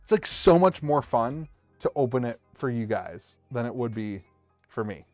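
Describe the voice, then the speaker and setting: A man's voice: medium pitch, moderate pace, dry recording, soft background music. A man hosting a live stream, opening card packs for viewers, cheering big pulls and rambling with many restarts. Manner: excitable, hypes up pulls with cheers and shouts; rambling, restarts sentences often. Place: home streaming setup at a table.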